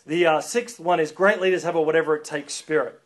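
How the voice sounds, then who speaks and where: A man preaching a sermon as a pastor, lively and joking, calling on the congregation to respond. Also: on the high side, brisk.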